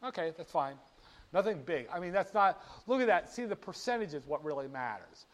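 A man teaching about stock charts in an animated, playful way, often asking the viewer rhetorical questions. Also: sits high, brisk. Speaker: finance instructor. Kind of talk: screen-share lesson on market charts.

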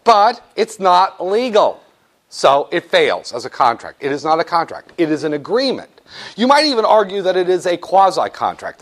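Man, business law lecture, lively swooping pitch, jokey classroom asides. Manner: animated, joking, acts out little scenes.

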